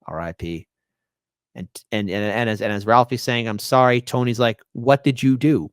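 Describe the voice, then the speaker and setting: A man hosting a casual commentary show, loudly mocking news clips with profanity. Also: medium pitch, moderate pace, smooth, no echo, clean studio sound. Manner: loud, mocking, profane, lively swings. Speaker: host reacting to news clips.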